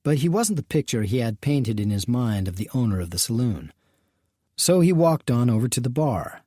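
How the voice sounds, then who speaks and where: A man narrates a western novel audiobook, reading the script in a steady, even storytelling manner. His voice is mid-range at a moderate pace, in a dry, studio-quality recording.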